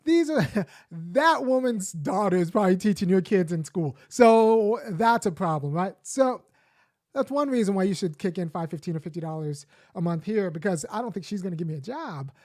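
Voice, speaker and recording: A man's voice: high-pitched, lively intonation, moderate pace, darkish tone. A man hosting a weekly live show, giving argumentative political commentary in a conversational, lecturing way with frequent fillers and restarts.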